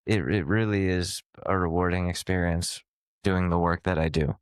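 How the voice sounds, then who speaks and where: Young man telling a story, swearing and animated. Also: deep voice, moderate pace, smooth, dry recording. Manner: animated, swearing, laughing through his story. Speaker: podcast co-host. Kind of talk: casual storytelling chat.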